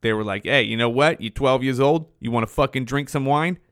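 A man's voice: mid-range voice, brisk, dry recording. Male podcast host, forties, loose cursing storyteller, dry mic. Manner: profane, rambling, animated. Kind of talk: casual storytelling.

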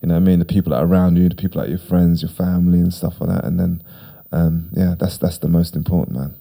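A man's voice: sits low, level tone, quick pace, vocal fry, warm tone, breathy edge. A middle-aged man, a podcast guest talking casually, rambling and repeating himself with emphasis. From United Kingdom. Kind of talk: casual conversation.

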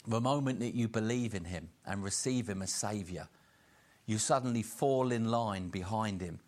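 A man preaching a sermon earnestly, slowing down to stress key lines. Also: fairly low pitch, a little mellow. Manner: earnest, slows down for emphasis.

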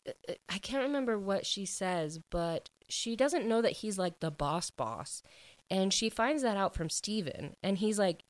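A woman's voice: mid-range voice, expressive, a little slow. A young woman casually recapping a romance novel's plot, chatty and full of "like", acting out the characters' lines. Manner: chatty, heavy use of "like", acts out quotes. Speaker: book reviewer.

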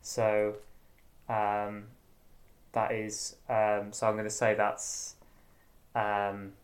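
A man chatting casually as a podcast co-host, thinking aloud with many pauses and ums. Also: fairly low pitch, monotone. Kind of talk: casual chat.

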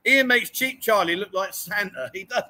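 A man with a high, bright voice hosts a casual livestream from a bookshop. He reads viewer messages aloud, teases his friends and talks in a quick, jokey, exclaiming way. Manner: jokey, teasing, often says "unbelievable". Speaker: livestream host. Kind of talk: casual banter, reading viewer comments. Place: indoors in a bookshop.

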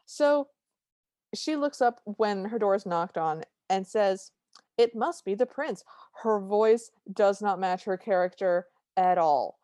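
A woman's voice: mid-range voice, slow pace, mellow, dry recording, clean studio sound. A woman co-hosting a podcast, retelling a cartoon's plot in casual chat with wry asides. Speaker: podcast co-host.

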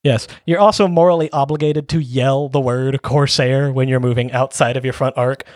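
A man's voice: medium pitch, fairly even intonation, normal speed, darkish tone, no echo, studio quality. A man co-hosting a casual tabletop gaming podcast, walking through rules step by step with frequent ums. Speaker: podcast co-host.

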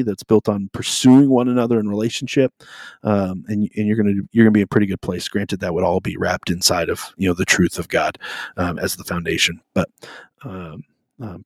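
Low-voiced man in casual faith podcast chat. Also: dry recording, clean studio sound. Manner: relaxed, rambling, many "um" fillers. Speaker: podcast co-host. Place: at home on a video call.

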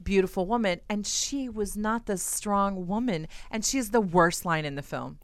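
A woman's voice: mid-range voice, normal speed, dry recording. A woman guest co-hosting a podcast, chatting bluntly with swearing and quoting her own reactions. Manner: blunt, swears, quotes herself in asides. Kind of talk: casual chat.

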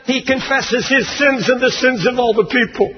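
A man preaching a fervent sermon, pressing questions and shouting at times, then reading scripture lower and slower. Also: faint music behind. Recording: muffled lo-fi sermon recording with faint hiss.

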